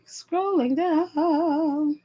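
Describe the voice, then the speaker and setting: Woman on a livestream reading chat comments, kinda high voice, chatty, lots of ums. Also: fairly even intonation, very slow. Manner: chatty and warm toward viewers, many fillers. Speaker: livestream host. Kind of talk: casual live chat reading viewer comments.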